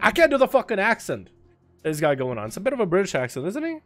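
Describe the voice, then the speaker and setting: High-voiced, swearing male game streamer. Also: fast talker. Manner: profane, excitable, swings into loud outbursts. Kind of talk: casual livestream commentary.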